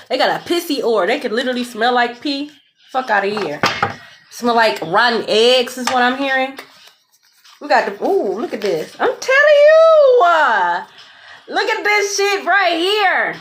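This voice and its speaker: Sassy, high-pitched woman reading tarot. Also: a little hiss or hum. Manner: blunt, profane, sassy and animated; repeats "okay?" often. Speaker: tarot reader.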